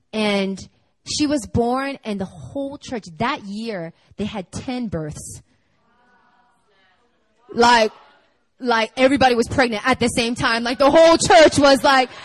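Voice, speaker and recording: Chatty, lively woman preacher. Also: on the high side, no room sound, rough recording. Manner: chatty, animated, peppered with "like" and laughter. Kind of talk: conversational sermon with storytelling.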